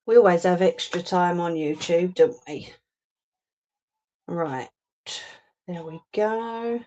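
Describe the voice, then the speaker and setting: Unhurried, chatty woman hosting a home crafting livestream, reads out and answers viewer comments. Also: on the low side, dark tone. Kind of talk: casual live chat while crafting. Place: home craft room, indoors. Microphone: phone or webcam on a livestream.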